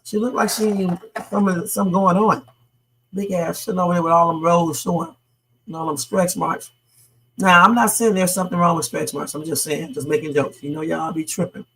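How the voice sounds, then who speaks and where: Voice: medium pitch, fairly even intonation, brisk, a bit bright. A livestream host giving blunt, profane reaction commentary and talking straight to the viewers.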